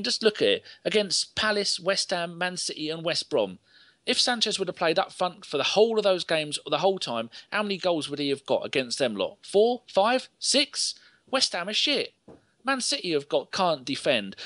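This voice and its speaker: A man's voice: on the high side, a bit bright, dry recording. A man ranting animatedly in casual podcast chat, swearing freely as a panelist on a remote call.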